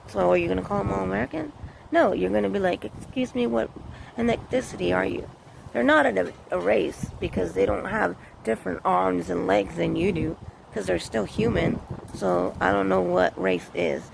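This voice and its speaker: A woman's voice: medium pitch, vocal fry. A woman giving a casual, earnest opinion monologue as a vlogger, rambling and repeating her points. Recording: noisy outdoor street recording.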